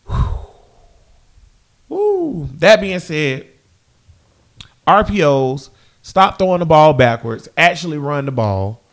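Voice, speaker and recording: A man's voice: fairly high pitch, big pitch swings, unhurried, pauses often. A young man giving casual fan commentary, repeating phrases and talking straight to his viewers.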